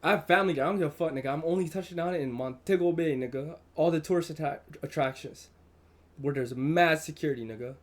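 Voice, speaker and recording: A man giving casual reaction commentary, animated and slangy, talking back at a video. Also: a little high, fast talker. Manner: animated, slangy, profane, talks over the clip.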